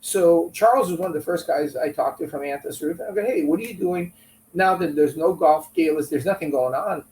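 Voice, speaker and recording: A man telling a business story in an interview, animated and acting out what friends said. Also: fairly high pitch, brisk. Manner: animated, acts out quotes from friends. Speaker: business owner guest. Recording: echoey room, a bit far from mic, faint hum.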